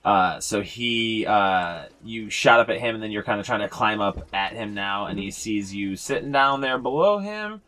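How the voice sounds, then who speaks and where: Low-voiced man running a tabletop game. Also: normal speed, hardly any pauses, pushed and bright. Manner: rambling, filler-heavy, swears casually. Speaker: game master. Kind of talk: casual tabletop game narration.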